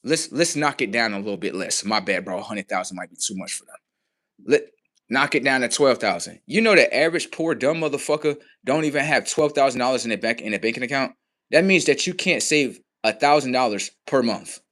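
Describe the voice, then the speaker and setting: A man hosting a livestream, swearing heavily in a mocking rant that swings between loud high outbursts and low muttering. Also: lively intonation, a little fast. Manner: heavy swearing, mocking, talks at the audience. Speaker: livestream host.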